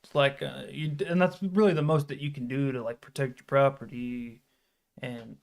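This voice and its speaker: A man's voice: medium pitch, fairly even intonation, normal speed, vocal fry. A man in a casual podcast chat, chiming in with agreement, jokes and casual swearing. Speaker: podcast co-host.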